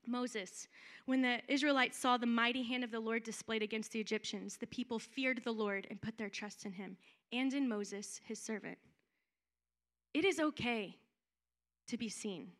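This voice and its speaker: Bright-voiced, animated woman preacher. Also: fairly high pitch, measured pace, pauses often. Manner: animated, conversational preaching with acted-out quotes. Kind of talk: sermon.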